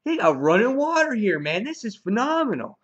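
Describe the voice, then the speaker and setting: A man putting on a swaggering, brutal villain who mocks in loose slang. The voice sits fairly high for a man. The recording is dull and lo-fi. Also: very animated, moderate pace, a bit bright. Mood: cocky.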